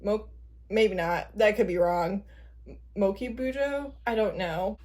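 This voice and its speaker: A woman casually vlogging at home, gushing excitedly and laughing often while unboxing a gift. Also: medium pitch, a little slow, a little hiss or hum. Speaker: book vlogger. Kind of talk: casual day-in-the-life vlog. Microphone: camera at an odd angle without tripod.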